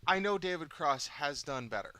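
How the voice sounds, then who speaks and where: A man with a bright, forward voice casually reviews a comedy special for his channel. He hedges often and fills pauses with ums and uhs. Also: on the high side, lively intonation, no echo. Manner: hesitant, hedging, with many fillers. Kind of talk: casual commentary.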